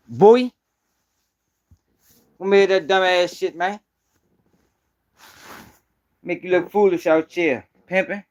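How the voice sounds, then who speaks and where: Host, male, high-pitched voice, confrontational and profane. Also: slow pace, long pauses, darkish tone, muffled recording. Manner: confrontational, profane, slangy, repeats himself. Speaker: host of a news commentary channel. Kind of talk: heated live-stream commentary.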